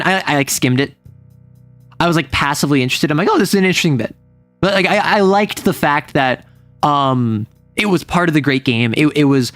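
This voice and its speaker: A man with a slightly higher voice chats casually on a livestream. He rambles, stammers and restarts his sentences, animated and quick to laugh. Faint music plays in the background. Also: dry recording. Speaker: streamer.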